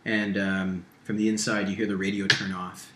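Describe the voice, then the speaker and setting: A man narrating as game master in a tabletop game, halting with many ums and restarts. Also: low-pitched, little pitch movement. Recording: echoey room with faint hiss.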